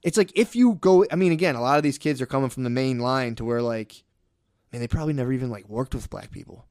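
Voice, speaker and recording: A young man talking casually on a podcast, rambling and profane, telling animated stories. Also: mid-range voice, fast, clear, resonant tone, dry recording, clean studio sound. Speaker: podcast co-host.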